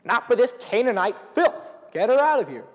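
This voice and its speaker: A young man acting out a group of scornful male disciples who jeer loudly at an outsider woman. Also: a little high, very animated, unhurried, creaky, heavily acted. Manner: loud, taunting, mocking. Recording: long hall reverb.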